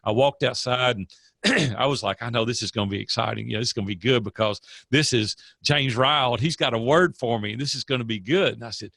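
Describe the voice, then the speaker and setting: A man's voice: mid-range voice, quick pace, creaky, sharp tone, no echo, clean studio sound. An older man, a coach and guest, telling stories in a casual interview with an earnest, preachy manner.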